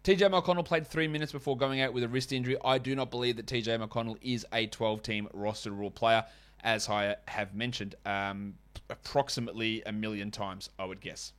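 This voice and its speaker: A man's voice: lowish voice, steady tone, a bit bright. Wry man reading stats. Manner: chatty, wry asides, quick stat rundowns. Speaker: podcast host. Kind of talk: fantasy basketball podcast commentary and ad reads.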